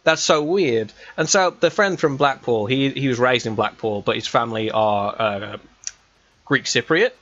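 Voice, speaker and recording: A man's voice: mid-range voice, normal speed, a bit bright, highs cut off, soft background music. A young man from England with a West Midlands accent, chatting casually while playing a game, rambling with lots of fillers and restarts. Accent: West Midlands English. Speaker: gaming streamer. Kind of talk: casual gameplay chat.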